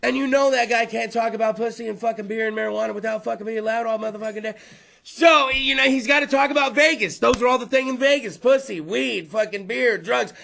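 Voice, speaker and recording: Loud, crude, bright-voiced male host. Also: very high-pitched, brisk, gravelly. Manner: loud, rambling, crude, riffs with the audience. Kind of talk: profane comedic live show hosting. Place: bar or venue with a live audience.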